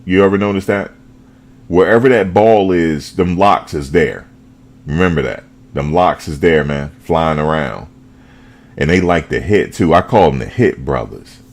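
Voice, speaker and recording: A man hosting a fan show, talking football in a casual, animated way, full of slang and repetition. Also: deep voice, measured pace. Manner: animated, repeats himself, slangy.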